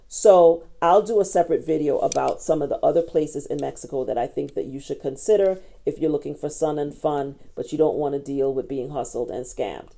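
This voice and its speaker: Low, gravelly woman giving travel advice. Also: dark tone. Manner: frank, opinionated, practical. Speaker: travel vlogger. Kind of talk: direct-to-camera travel advice.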